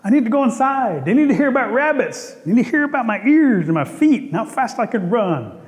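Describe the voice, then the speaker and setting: A man's voice: extremely high pitch, sing-song, fairly quick, pitched above the performer's own voice. A man voicing a boastful, restless male rabbit in a told story, talking in an indignant, whining way. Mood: impatient. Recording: long reverb.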